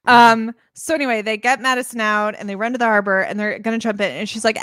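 Podcast co-host, woman, sarcastic and profane, higher voice, acts out lines; dry close mic. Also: fast, hardly any pauses, fairly bright tone, clean tone, dry recording. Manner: sarcastic, swears a lot, acts out quotes. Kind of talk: casual movie recap chat.

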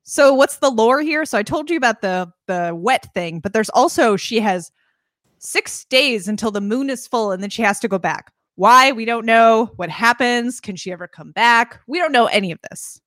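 Woman podcast co-host, lively higher voice, dry close sound, casual film chat. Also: moderate pace, no echo. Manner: animated, acts out scenes in voices. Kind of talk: casual movie discussion.

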